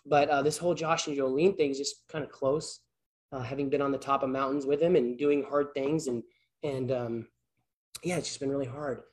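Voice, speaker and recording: A man's voice: medium pitch, steady tone, normal speed. A man who works as a PE teacher, filling in as a church speaker and giving an informal, story-driven sermon in a rambling, conversational way full of restarts.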